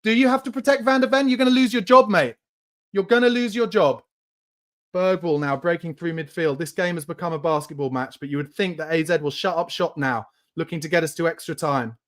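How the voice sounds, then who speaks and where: With a fairly high-pitched voice and a slightly fast delivery, he reacts live to the match for fellow fans. He swears, gets angry at his team, and erupts into shouts now and then while calling the action.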